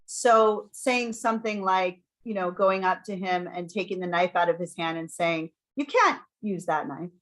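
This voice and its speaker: A middle-aged woman co-hosting a parenting podcast, telling a personal story in a casual, reflective way, laughing often and dropping into quiet soothing asides. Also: fairly low pitch, steady tone, normal speed, few pauses, poor audio. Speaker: podcast co-host.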